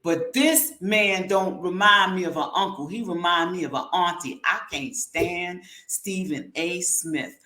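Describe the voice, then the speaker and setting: Slow, blunt woman in an echoey room. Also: lowish voice, bright, forceful tone. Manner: blunt, heated and slangy. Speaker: commentary show host. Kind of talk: opinionated commentary monologue.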